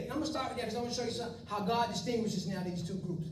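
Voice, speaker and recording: A man's voice: extremely high pitch, racing, hardly any pauses, a little hiss or hum. A man preaching a sermon to his congregation in a folksy style, with joking asides to the crowd. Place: church sanctuary. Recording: echoey room, voice from far off mic.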